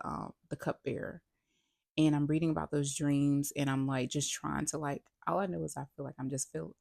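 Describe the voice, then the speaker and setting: A woman's voice: low voice, creaky, darkish tone, dry recording, clean studio sound. A woman vlogger casually retelling a personal story, quoting herself and others as she goes and often restarting her sentences mid-thought. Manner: retells events with many "I'm like" quotes.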